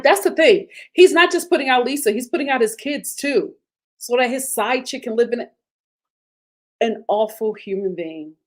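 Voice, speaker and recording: Animated, emphatic woman recapping reality TV. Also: on the high side. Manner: animated, emphatic, repeats lines for effect; retells scenes in quoted voices. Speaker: host of a TV recap channel. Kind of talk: casual reality TV review.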